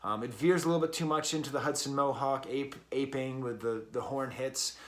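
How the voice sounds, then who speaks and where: Man, music reviewer, casual rambling talk, enthusiastic, mid-pitched. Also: fairly quick. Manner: rambling, enthusiastic, many fillers.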